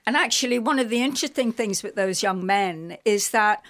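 A woman's voice: medium pitch, fairly bright tone. Brief: middle-aged woman from London, interview guest, earnest and emotional, long run-on sentences full of fillers. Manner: earnest, emotional, talks in rushing run-on sentences with many "like" and "you know". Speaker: guest, writer. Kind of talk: radio interview conversation.

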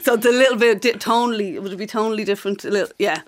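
A woman with a Dublin accent, an actress answering interview questions in a gentle, modest, slightly hesitant way. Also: medium pitch, very fast. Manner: soft-spoken, modest, hesitant. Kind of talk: conversational interview.

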